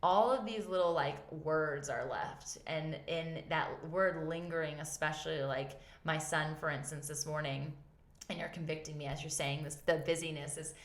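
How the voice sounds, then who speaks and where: A woman hosting a podcast, talking through her faith and family life in a casual, animated way and telling stories with emphasis. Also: low voice, moderate pace, echoey room. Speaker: podcast host.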